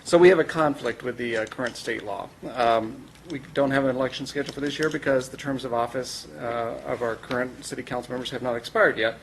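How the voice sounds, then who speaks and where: A man's voice: medium pitch, steady tone, fairly quick, creaky, hardly any pauses, slight background noise, rough recording. A man giving a formal, explanatory presentation to a city council, orderly but with frequent fillers.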